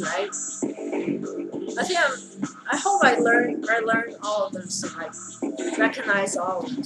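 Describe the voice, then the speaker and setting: A woman hosting a reaction video in casual commentary, excitable and gushing, shrieking over her favorite. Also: on the high side, gravelly, poor audio. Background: loud trailer music.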